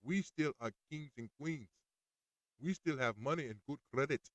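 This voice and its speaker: A man's voice: mid-range voice, normal speed, no echo, natural voice. A man putting on a bragging African street vendor. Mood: boastful.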